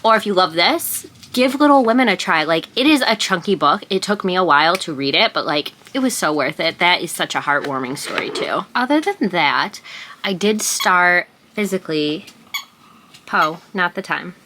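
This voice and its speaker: Speaking at a normal speed with a lowish, animated, sharp-toned voice, this twenty-something book vlogger records a relaxed reading video indoors at home. She raves about books and now and then breaks off mid-sentence to address her pet.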